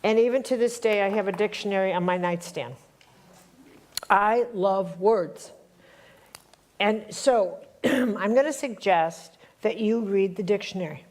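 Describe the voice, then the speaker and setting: A woman's voice: mid-range voice, normal speed, few pauses, a little mellow. A woman leading a spiritual workshop who talks conversationally and teases the live group as she quizzes them. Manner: conversational and teasing, quizzing the audience. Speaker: workshop leader.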